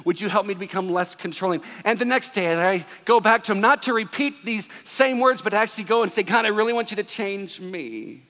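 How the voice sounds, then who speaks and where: Bright-voiced pastor preaching in a hall. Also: male voice, sits high, fairly quick, hardly any pauses. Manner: conversational, animated, self-deprecating humor. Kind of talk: sermon. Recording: long reverb of a large hall.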